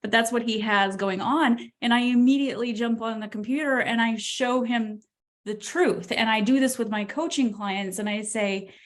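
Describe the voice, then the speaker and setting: A woman's voice: on the high side, moderate pace. A woman coach on a group call who talks bluntly and with energy, laughing often. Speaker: real estate coach.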